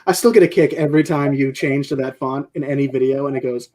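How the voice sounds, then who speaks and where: A man in casual chat among friends, relaxed and agreeable, often giving short replies. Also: mid-range voice, quick pace.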